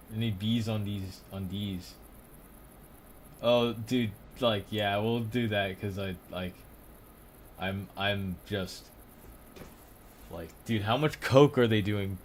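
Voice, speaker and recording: A man's voice: lowish voice, fairly even intonation, slow, long pauses, slight background noise. Rambling, profane young man streaming. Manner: rambling, profane, laughing often. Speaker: streamer ranking comedians. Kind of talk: casual live-stream commentary.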